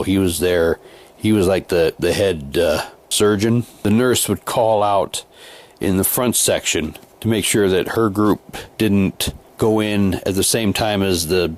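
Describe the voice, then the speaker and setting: Rambling man telling a story. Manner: rambling, with many restarts and repeated words; drops to a quieter, lower voice for long stretches. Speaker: haunted house volunteer actor. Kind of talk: casual storytelling.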